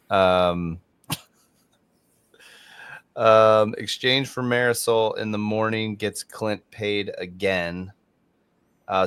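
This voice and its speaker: A man talks casually as a podcast host, laughing often and joking about an old film. His voice sits low. The sound is dry and close. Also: fairly bright tone, no echo. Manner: chatty, laughs often, jokey asides. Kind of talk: casual movie discussion.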